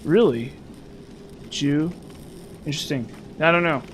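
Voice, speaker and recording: A man's voice: fairly high pitch, normal speed, a bit bright, slight background noise. A young man casually commenting while he plays a game, rambling and musing with many restarts and fillers. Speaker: gaming channel host.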